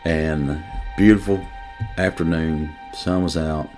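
A middle-aged man, a police detective, telling a personal story in an interview in an earnest, emotional way with halting restarts. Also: extremely low pitch, fairly even intonation, a little mellow, faint music behind.

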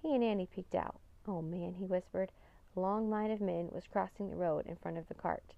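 A woman narrating an audiobook in a calm, steady storytelling manner. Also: mid-range voice, fairly quick, vocal fry, dry recording, dull audio.

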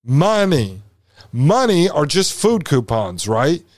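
A man's voice: fairly high pitch, sing-song, takes it slowly, a little mellow, no echo, clean studio sound. A man hosting a podcast, commenting over a played video in an emphatic, insistent, repetitive way. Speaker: podcast host.

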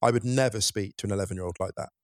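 A man telling his own story on a podcast, candid and emphatic as he talks. He speaks quickly in a lowish voice, and the sound is dry and close. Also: no room sound. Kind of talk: casual chat.

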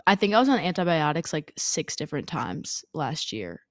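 A woman's voice: low voice, very animated, normal speed, no echo, studio quality. A young woman hosting a podcast, chatting candidly and casually with lots of "like" and casual swearing, a little under the weather. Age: young adult. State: congested, fighting off sickness. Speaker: podcast host. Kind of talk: casual solo podcast chat.

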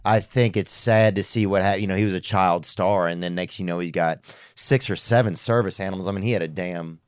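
Brief: low-voiced male host, candid and rambling, dry close mic. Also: steady tone, fairly quick, clear, resonant tone, no room sound. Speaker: podcast host. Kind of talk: casual podcast chat.

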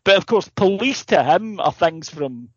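A man's voice: sits high, lively intonation, unhurried, fairly bright tone, no room sound, highs cut off. A man, co-hosting a podcast and telling a long anecdote in casual chat, swearing freely and checking in with "right?". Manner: swears freely, builds a story with asides and repeated "right?". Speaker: podcast co-host.

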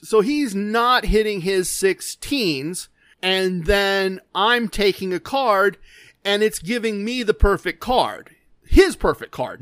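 Male storyteller, high voice, dry close mic, wry self-deprecating anecdote delivery. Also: fairly bright tone, dry recording. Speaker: gambling storyteller. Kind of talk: casual spoken anecdote from bullet points.

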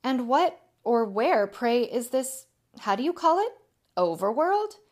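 A woman's voice: fairly high pitch, big pitch swings, unhurried, a little mellow, voice pushed up. A woman voicing a sweetly mocking enchantress queen in a storybook reading, soothing and coaxing.

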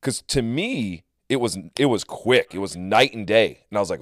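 A man's voice: fairly low pitch, expressive, moderate pace, hardly any pauses, no room sound, clean studio sound. A man hosting a podcast, asking a guest follow-up questions in casual chat. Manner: short affirmations, follow-up questions. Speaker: podcast host. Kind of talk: casual interview.

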